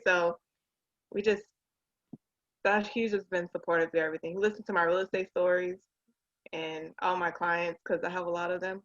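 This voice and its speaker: A woman's voice: mid-range voice, highs cut off. A woman in her thirties, a realtor and business owner, chatting casually and acting out the people she quotes. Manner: animated storyteller acting out quotes. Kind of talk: casual conversation.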